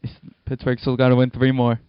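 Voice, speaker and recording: A man co-hosting a casual sports podcast, chatty and quick to laugh, running the show's plugs and segues. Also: medium pitch, completely flat delivery, smooth, no room sound, muffled recording. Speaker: podcast co-host.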